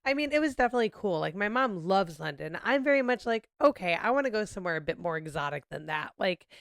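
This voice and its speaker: A woman's voice: mid-range voice, very animated, vocal fry, dry recording, studio quality. A woman co-hosting a podcast, recalling a trip in an easygoing, filler-heavy casual chat. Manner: easygoing, filler-heavy recollection with quick reactions. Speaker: podcast co-host.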